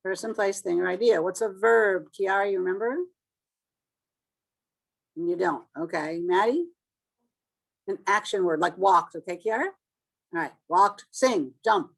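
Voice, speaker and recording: A woman teacher in casual classroom talk, chatty, calling on students and making quick asides. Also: mid-range voice, vocal fry.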